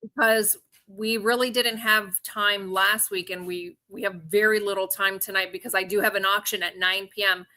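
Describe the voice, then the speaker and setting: A woman co-hosting a live stream, calmly reading through screenshots and texts. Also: mid-range voice, moderate pace. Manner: matter-of-fact, reads out screenshots and texts. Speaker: co-host and auction seller. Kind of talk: live-stream talk walking through a timeline.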